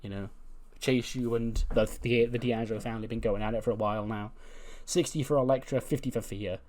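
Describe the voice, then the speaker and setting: A man's voice: medium pitch, fairly even intonation, fairly quick, a little mellow. A man casually commentating on a game session in a chatty way, laughing and swearing now and then. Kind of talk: casual let's-play commentary.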